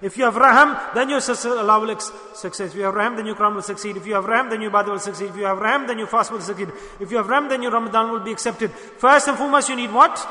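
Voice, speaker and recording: A man preaching a sermon with emphatic repetition, swinging between loud declarations and hushed lines. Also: high-pitched. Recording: echoey hall with long reverb.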